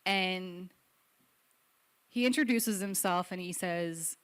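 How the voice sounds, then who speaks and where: A woman's voice: fairly low pitch, normal speed. A young adult woman telling a personal story on stage at a live storytelling event, candid and wry, with self-deprecating humor.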